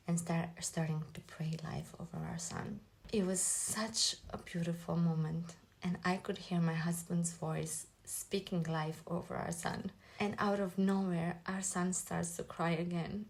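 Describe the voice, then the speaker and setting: A woman earnestly giving a personal faith testimony as a mother, her voice soft and often slipping into a whisper. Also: mid-range voice. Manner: earnest and heartfelt.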